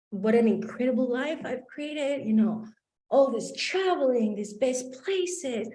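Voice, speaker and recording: A woman's voice: fairly high pitch, mellow, echoey room. A woman life coach telling a personal story in a motivational talk, acting out the dialogue as she goes.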